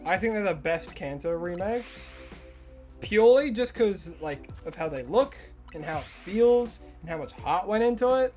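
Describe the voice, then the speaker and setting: This Australian streamer's voice sits high and a little mellow, with lively intonation and a normal speed, and soft music runs underneath. While gaming live he keeps things jokey and casual, greeting and answering his chat, and his voice sometimes cracks.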